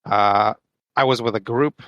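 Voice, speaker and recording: A man playing in a tabletop game, talking in a hesitant, halting way with many fillers. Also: mid-range voice, fairly even intonation, no echo, lo-fi sound. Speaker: player.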